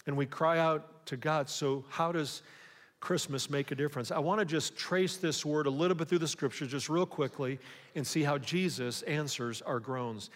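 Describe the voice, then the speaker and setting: A man preaching a sermon as pastor, in a conversational way, often pausing to ask the congregation rhetorical questions. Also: a little high. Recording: long hall reverb.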